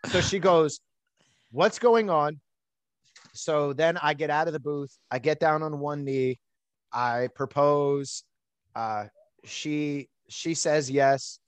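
A man's voice: on the high side, steady tone, takes it slowly, clear, resonant tone, no echo. Chatty outgoing man telling a story. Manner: outgoing, chatty, lots of fillers. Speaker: podcast host. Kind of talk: casual storytelling chat.

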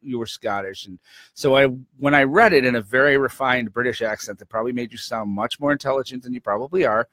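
A man's voice: mid-range voice, fast, fairly bright tone, no echo, studio quality. A man co-hosting a podcast, chatting casually with joking, self-deprecating asides. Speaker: podcast co-host. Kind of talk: casual chat.

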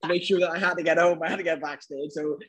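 A man's voice: a little high, fairly even intonation, racing, a bit bright, breathy edge, poor audio. A Welsh man chatting casually as a guest, rambling with many hesitations. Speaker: guest, UFC fighter. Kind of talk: casual chat.

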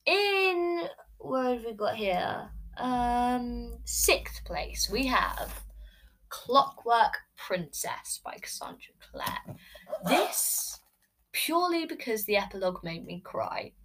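A book vlogger sits on her bed and casually ranks books, rambling and gushing with lots of fillers. Her slow, fairly bright voice is a little high and swoops wildly in pitch, and the rough camera recording carries slight background noise.

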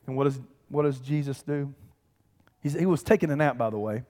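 A man's voice: medium pitch, fairly quick, mellow. A man preaching a sermon as pastor, swelling with emphasis and calling out to the congregation. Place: large church sanctuary. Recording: long reverb of a big hall.

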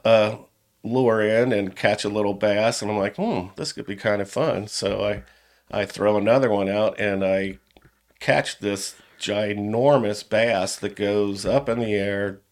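A middle-aged man from Cincinnati with a fairly low voice tells stories in a relaxed, conversational way. He laughs easily and often lets his sentences drift off quietly at the end. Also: unhurried. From Cincinnati, USA. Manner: relaxed, laughs often, trails off softly at phrase ends. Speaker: jewelry store owner, podcast guest. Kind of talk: casual storytelling chat.

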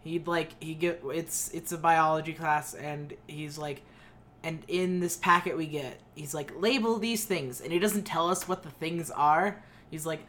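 A woman's voice: deep voice, fairly bright tone, slight background noise. A young woman chatting casually with friends, often restarting her sentences and trailing off. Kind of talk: casual chat among friends.

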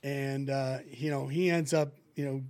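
Man, middle-aged, former goalie, chatty storyteller, mid-pitched voice, acts out the voices in his anecdotes. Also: unhurried. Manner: animated anecdotes, acting out what people said. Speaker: guest, former hockey goalie who coaches goalies. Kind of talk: casual storytelling in a podcast chat.

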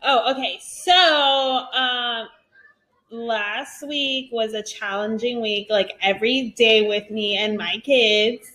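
A young woman with a high, bright-sounding voice talks loudly and with lots of animation. She is chatting casually as a podcast co-host about home life and laughs easily between stories. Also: slow pace. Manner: loud, animated storyteller, laughs often. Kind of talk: casual chat.

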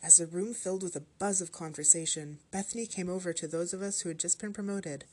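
A woman narrating a horror story aloud in a measured, even storytelling manner. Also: fairly low pitch.

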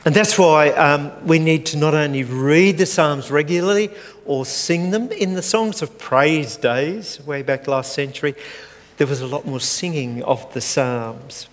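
An older man delivers a sermon slowly and earnestly. His voice sits a little high. The sound carries a long church hall reverb with faint room noise behind it. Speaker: preacher.

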